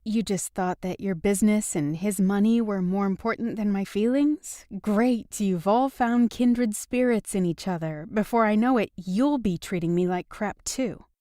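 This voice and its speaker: A woman's voice: medium pitch, a little slow, hardly any pauses, mellow, no room sound, studio quality, natural voice. A woman voicing an upset young woman who is defensive and sarcastic in an audiobook. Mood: angry. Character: upset young woman, guarded and sharp-tongued. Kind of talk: audiobook dialogue reading.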